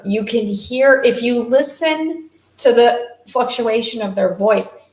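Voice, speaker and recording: A woman's voice: on the high side, lively intonation, slow, darkish tone. A woman hosting a casual talk show, chatty and agreeable, picking up her co-host's points. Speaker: host. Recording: echoey room.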